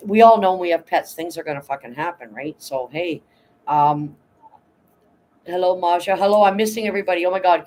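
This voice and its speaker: A woman's voice: on the low side, slight background noise, low-quality recording. A middle-aged Canadian woman chatting bluntly and emotionally on a livestream, swearing often and greeting viewers by name. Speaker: livestream host. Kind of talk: casual livestream chat.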